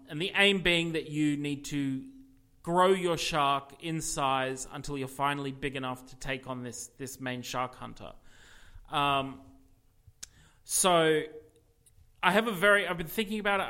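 A man co-hosting a casual podcast, telling rambling, animated stories with plenty of fillers. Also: on the high side, normal speed, clean tone. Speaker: podcast co-host. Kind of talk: casual chat about video games.

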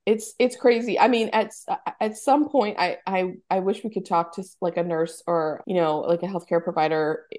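A woman's voice: fairly low pitch, fairly even intonation, moderate pace, few pauses, a little mellow. An American woman co-hosting a casual TV rewatch podcast, rambling with many fillers and restarts. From United States. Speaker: podcast co-host. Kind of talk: casual chat.

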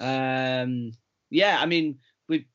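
A man's voice: mid-range voice, extremely slow, a bit bright, clear, resonant tone. Earnest man co-hosting over a lo-fi line. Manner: earnest, stammering restarts. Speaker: podcast co-host. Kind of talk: casual chat. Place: indoors, sitting on his bed.

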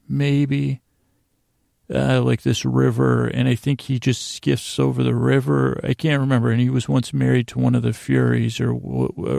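A man with a deeply gravelly, fry-heavy voice rambles through a drowsy, self-deprecating recap in an almost monotone delivery. Recorded close and bone-dry, with no room around him. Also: no room sound. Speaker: podcast host. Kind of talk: casual rambling recap for sleep.

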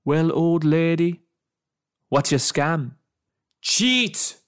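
A man voicing a spontaneous man in his thirties who loses at cards and shouts accusations, his voice rising into high yelps. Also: takes it slowly, vocal fry. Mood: accusing.

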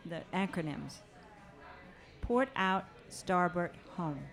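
A woman co-hosting a casual talk show, playful and quick to laugh. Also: on the low side, expressive. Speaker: podcast co-host. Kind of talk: casual chat.

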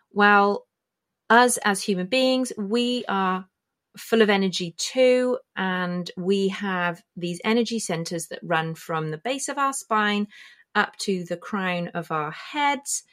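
In a casual spoken explainer on her own podcast, a woman with a medium-pitched, slightly bright voice meanders chattily through a spiritual topic, fixing her own slips as she goes. She's filmed while speaking, the mic aimed at her body.

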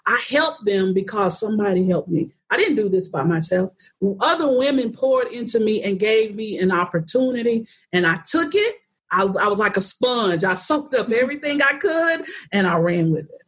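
A middle-aged woman shares her own story as a guest, speaking earnestly and straightforwardly in a soft, breathy voice. She talks plainly and laughs easily along the way. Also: mid-range voice. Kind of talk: personal storytelling in conversation.

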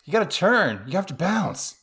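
A man's voice: sits high, big pitch swings, moderate pace, a bit bright, husky. A man co-hosting a podcast, joining in with short jokey asides during a movie recap. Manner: chimes in with short jokey asides and wrestling talk. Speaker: podcast co-host. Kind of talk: casual comedic banter.

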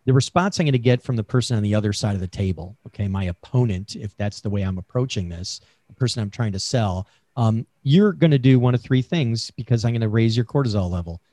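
A man's voice: medium pitch, mellow, dry recording. A man being interviewed about selling, talking in a chatty coaching way with many fillers over a remote call mic. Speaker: sales expert guest.

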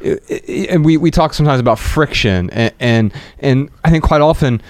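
A man co-hosting a podcast, calm and thoughtful in casual talk. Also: a little high, normal speed, dry recording. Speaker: podcast co-host.

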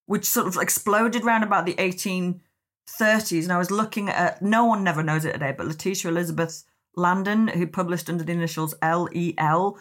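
A woman hosting a podcast, talking in a chatty, lively way with lots of "like". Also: on the low side, brisk. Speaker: podcast host. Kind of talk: podcast conversation.

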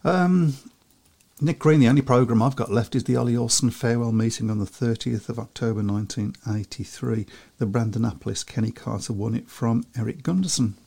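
Gravelly man co-hosting a chat. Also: medium pitch, brisk, mellow. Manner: chatty, reads out scores and comments. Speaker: podcast co-host. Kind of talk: casual chat about speedway.

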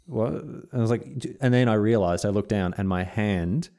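A man's voice: on the low side, moderate pace, mellow. An Australian man co-hosting a podcast, telling a rambling story in casual chat and acting out the dialogue. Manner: rambling, self-interrupting, acts out quoted dialogue. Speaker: podcast co-host.

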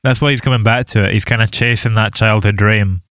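A young man hosts a podcast in easy conversation, needling his guest with deadpan jokes. His voice sits a little low and comes across smooth and clear. The sound is close and dry. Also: a little fast, no echo. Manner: dry, teasing humor. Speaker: podcast host. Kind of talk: casual chat.

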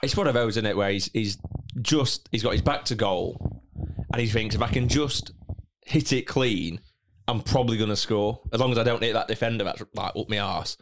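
A man's voice: on the low side, normal speed, slight background noise. A man, co-hosting a casual football podcast, telling stories with lots of laughter and swearing. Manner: laughing storyteller, swears freely. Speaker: podcast co-host.

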